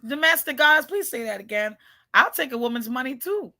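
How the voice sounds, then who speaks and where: A woman's voice: sits high, expressive, fairly quick, pushed and bright. A woman hosting her channel, chatting casually with viewers in a brash, joking way and laughing often. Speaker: channel host.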